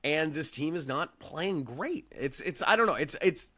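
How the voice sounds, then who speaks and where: A man co-hosting a casual sports podcast, rambling with restarts and fillers in an animated way. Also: on the high side, measured pace. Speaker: podcast co-host.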